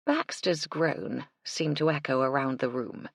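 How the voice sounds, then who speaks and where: A woman narrating an audiobook in a measured, expressive reading on a close mic. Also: a bass voice, creaky, dry recording. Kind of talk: scripted narration.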